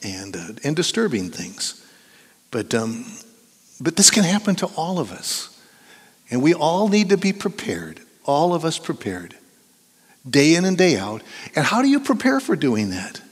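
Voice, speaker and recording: A man preaching a sermon in a church, animated and emphatic, sometimes dropping into hushed whispers for effect. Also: a little high, a little slow, slightly rough. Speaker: pastor. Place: church sanctuary. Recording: long reverb of a church hall.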